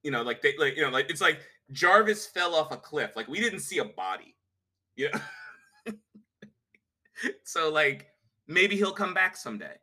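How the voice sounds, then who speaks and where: A male podcast host in loose, jokey conversation who rambles and leans on fillers. His voice is very bright and slightly high, and his pitch swings animatedly. His speech sounds informal and off the cuff. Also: sing-song, moderate pace, long pauses. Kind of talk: casual chat.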